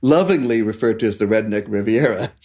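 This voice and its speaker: A man from India, a chef telling stories as an interview guest, animated and quick to laugh. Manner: animated, laughs often, shifts pitch for quoted voices. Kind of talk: casual interview storytelling.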